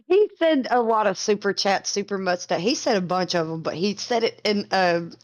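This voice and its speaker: A woman on a live panel who reads out viewer messages in a casual, giggly way. Her voice sits at a middle pitch. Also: expressive, moderate pace. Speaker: panelist reading superchats. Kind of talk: casual chat.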